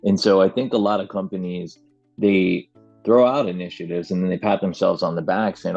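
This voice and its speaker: Very low, gravelly-voiced man. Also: steady tone, moderate pace, darkish tone, no room sound, highs cut off, soft background music. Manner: plain-spoken, lots of agreeing interjections. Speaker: podcast co-host. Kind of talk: casual business chat.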